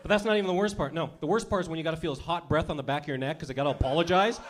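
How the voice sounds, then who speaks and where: Male stand-up comedian, crude brash delivery, high-pitched voice. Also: racing. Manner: crude, brash, acts out characters.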